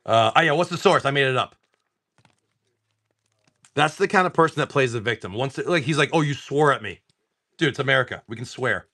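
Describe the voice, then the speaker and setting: A man's voice: medium pitch, sharp tone. A man hosting a casual livestream, opening card packs, often swearing and exclaiming over the pulls.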